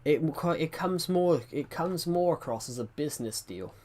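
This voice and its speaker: A man's voice: fairly high pitch, expressive, normal speed, darkish tone. A man chatting casually on a livestream, rambling and restarting his sentences as he talks to viewers.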